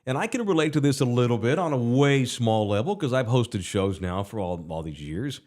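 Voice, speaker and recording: A middle-aged man hosting a podcast, telling a relaxed, wry anecdote in casual chat. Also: medium pitch, fairly quick. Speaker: podcast host.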